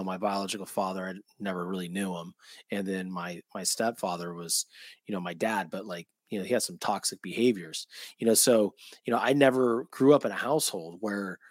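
A middle-aged man hosting a conversation, talking reflectively and filling pauses with "you know". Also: low voice, dry recording. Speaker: podcast host. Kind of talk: casual chat.

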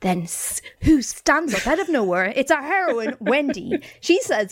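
A woman with a fairly high voice narrates a story on a comedy podcast. She keeps her account moving and puts on voices for the quoted lines. She speaks as a co-host. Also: a little slow, hardly any pauses. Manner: animated narration with acted-out quotes.

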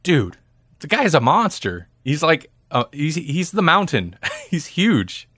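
A man's voice: on the high side, sing-song, unhurried, a bit bright, husky, no room sound, studio quality. Chatty man rambling about movies. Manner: chatty, rambling, laughs easily. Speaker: podcast host. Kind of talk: casual movie-discussion chat.

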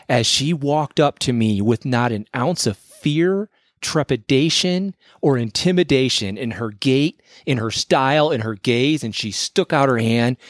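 A man co-hosts a podcast and tells stories with animated energy, his voice leaping upward for effect. His usual pitch is middling. The sound is dry and close, with no room around it. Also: dry recording. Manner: animated storyteller, voice jumps up for effect. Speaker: podcast co-host. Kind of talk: casual storytelling chat.

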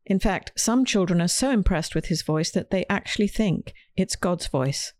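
A woman's voice: on the low side, lively intonation, moderate pace, darkish tone, dry recording. A woman podcast host and children's author, telling a scripted story with dry humor.

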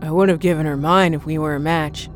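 A woman doing a gruff, guarded backwoods man. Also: sits low, fairly even intonation, brisk, soft background music, close to an everyday voice. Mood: wary. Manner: guarded, suspicious. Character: gruff burly bearded man living alone. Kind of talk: audiobook narration.

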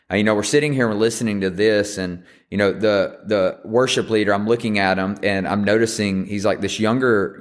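A man in his thirties hosting a podcast, talking earnestly and haltingly with many ums and restarts. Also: deep voice. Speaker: podcast host. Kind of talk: personal reflective monologue.

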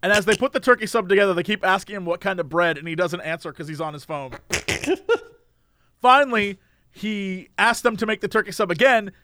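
A man's voice: high voice, lively intonation, normal speed, pushed and bright, slight background noise. A man hosting a podcast, telling a story in a casual, laughing way. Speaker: podcast host.

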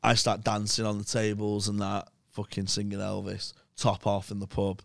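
A man's voice: lowish voice, moderate pace, creaky, no room sound, clean studio sound. A young English man, a podcast guest, telling rambling, swear-filled stories in casual chat. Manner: swears a lot, rambling animated anecdotes.

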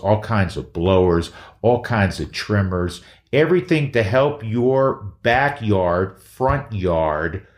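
A man hosting his own podcast, reading ads and chatting in an energetic, emphatic way that repeats key phrases. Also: lowish voice, echoey room. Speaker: podcast host. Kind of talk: casual chat and live ad reads.

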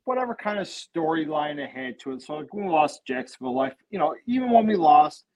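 A man's voice: fairly high pitch, big pitch swings, brisk, a little mellow, rough recording. Swearing, rambling podcast guest, a man. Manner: swears freely, rambling storyteller. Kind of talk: casual podcast chat.

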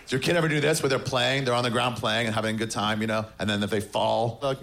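Man, stand-up comedian, deadpan, gravelly, noisy live recording. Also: mid-range voice, fast, few pauses. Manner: deadpan, sarcastic, mocking voices of others. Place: comedy stage before a live audience.

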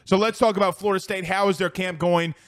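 A man's voice: high-pitched, steady tone, fast talker, a bit bright. A man from South Louisiana with an accent from there, hosting a sports talk show and ranting in a heated, profane way while reading live comments.

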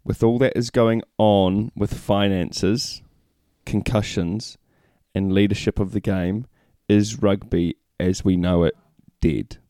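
A man with a fairly low voice co-hosts a podcast, joking and teasing in easy chat. The sound is close and dry. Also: steady tone, slow, warm tone, dry recording. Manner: teasing, jokey, reads listener questions. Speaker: podcast co-host. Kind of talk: casual chat.

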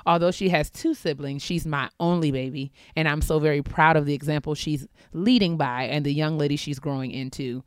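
A woman co-hosting a podcast, reading listener shout-outs aloud and cheering the listeners on. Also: deep voice, steady tone, a little fast, hardly any pauses, clean tone, no room sound, studio quality. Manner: warm and encouraging, cheering listeners on. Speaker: podcast co-host. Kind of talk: casual chat, reading listener letters aloud.

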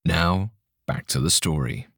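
A man reading a story as scripted narration, in a measured, steady way. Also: deep voice, creaky, soft background music.

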